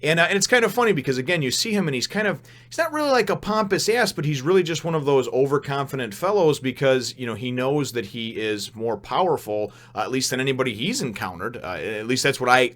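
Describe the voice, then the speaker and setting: A young man in the middle of his pitch range talks through a manga chapter in a loose, conversational review. He rambles, restarts his sentences and leans on fillers, his energy jumping up and down as he goes. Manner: rambling, animated, many fillers and restarts, laughs often. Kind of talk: casual spoken review.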